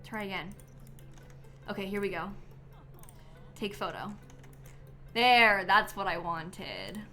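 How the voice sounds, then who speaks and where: A woman's voice: medium pitch, slow, pauses often, bright, forceful tone, faint music behind. A woman streaming a life-sim game live, chatting casually with many ums and likes and giggling now and then.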